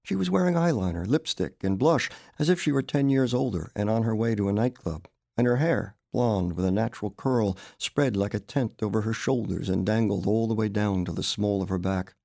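A man narrating his own literary story aloud, expressive and wry. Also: fairly low pitch, normal speed, creaky, no echo, clean studio sound. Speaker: author reading his story.

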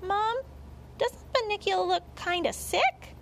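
A woman's voice: extremely high pitch, measured pace, creaky, a bit bright, a little hiss or hum, voice pushed up, full character voice. A woman voicing a curious, worried young boy in a storybook reading, with a raised, eager boyish voice.

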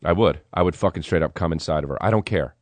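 Excitable, profane male comedy host. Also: low voice, fast talker, music in the background. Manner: excitable, profane, rambling with restarts. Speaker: podcast host. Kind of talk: comedic storytelling.

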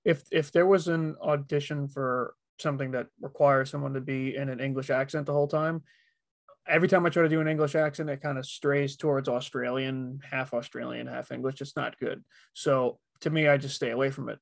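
A man's voice: mid-range voice, a little fast, vocal fry, no room sound. A man who works as a voice actor talking casually on a podcast, rambling a little with lots of fillers. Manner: relaxed, rambling, many fillers. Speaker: voice actor guest.

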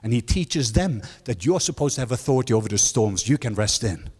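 A man preaching a sermon as guest speaker, leading the congregation in call-and-response and climbing to high, emphatic lines, with non-native English phrasing. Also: animated, fairly quick, darkish tone, slightly rough. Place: large church hall. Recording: church hall reverb.

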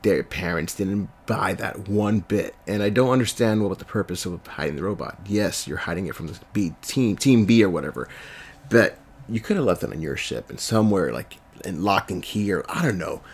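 Male podcast host, raspy from a cold, lowish voice, loose rambling delivery. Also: animated, moderate pace. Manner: rambling, with fillers and self-corrections. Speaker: podcast host reviewing a TV series. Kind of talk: casual solo review podcast.

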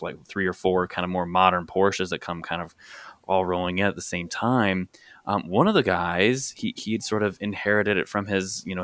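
A man's voice: sits low, a bit bright, no echo. A man chatting casually as a co-host, laid-back and full of fillers. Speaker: co-host of car podcast. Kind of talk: casual chat.

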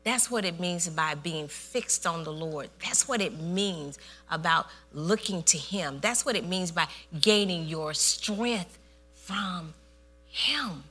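A woman's voice: fairly low pitch, slow pace, husky, soft background music. A woman pastor preaching a sermon, telling a story with lots of laughter and emphatic, repeated phrases. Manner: animated storytelling, laughs often.

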